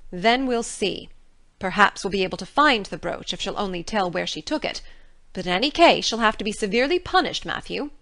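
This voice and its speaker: A woman's voice: mid-range voice, animated, fairly quick, a bit bright. A woman playing a stern, blunt middle-aged spinster in an audiobook drama, speaking in firm, clipped scolding tones.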